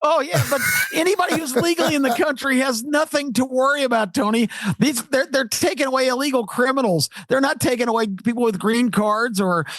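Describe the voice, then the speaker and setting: A man's voice: very high voice, brisk, few pauses, fairly bright tone, dry recording. A middle-aged man co-hosting a radio show, dropping blunt, wry remarks in casual banter.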